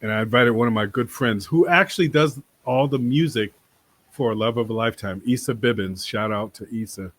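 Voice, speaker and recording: A man's voice: mid-range voice, fairly quick, fairly bright tone. A man from Boston, an actor guest telling stories in a casual interview, rambling and laughing often.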